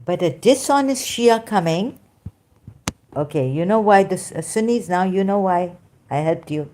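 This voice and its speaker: Addressing her audience head-on, this vlogger rambles emphatically off the cuff, with a non-native English accent. She speaks at a moderate pace in a darkish, lowish voice with lively intonation, and there is slight background noise.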